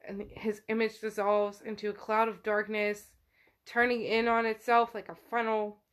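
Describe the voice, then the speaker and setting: A woman's voice: medium pitch, monotone, normal speed, smooth. A woman podcast host casually retelling a novel chapter by chapter, peppering her speech with "like". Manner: chatty, peppered with "like".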